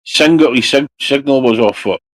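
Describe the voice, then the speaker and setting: A man's voice: mid-range voice, moderate pace, dry recording. A man hosting a live stream in casual chat, easygoing, saying aye and calling people mate. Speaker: stream host.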